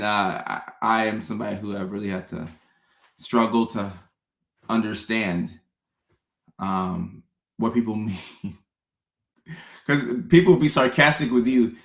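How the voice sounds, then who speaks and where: A man with a mid-range voice hosts a casual livestream, talking to viewers animatedly. He often repeats words and acts out his own thoughts aloud.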